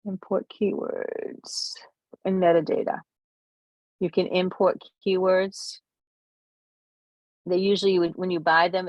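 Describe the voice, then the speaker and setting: A camera club presenter giving a casual software walkthrough, thinking aloud and correcting themselves while demonstrating. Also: medium pitch, dry recording.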